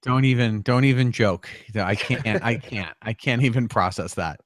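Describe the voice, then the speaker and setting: A man's voice: medium pitch, normal speed, dry recording, studio quality. A man co-hosting a podcast, thinking aloud in casual, analytical chat with frequent restarts. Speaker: podcast co-host.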